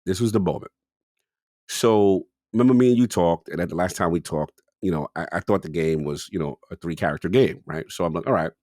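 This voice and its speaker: A man's voice: sits low, brisk, warm tone, no echo, clean studio sound. A man co-hosting a podcast, telling a gaming story in casual chat and acting out his own reactions. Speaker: podcast co-host.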